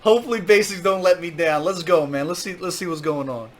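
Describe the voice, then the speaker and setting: A man's voice: sits high, a little fast, very noisy. A man reacting to a rap battle as host, casual and hyped, heavy on slang and "like.". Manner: casual slang, hyped, says "like" and "my guy" a lot.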